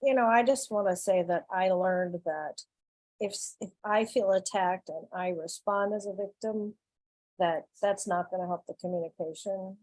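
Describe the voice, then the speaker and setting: A woman's voice: mid-range voice, normal speed, darkish tone, dry recording, low-quality recording. A woman joining the conversation to reflect on what she learned about communication.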